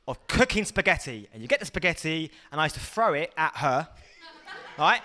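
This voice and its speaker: A young Englishman doing a stand-up comedy set, excitable, with sudden loud shouty bursts. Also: fairly high pitch, brisk.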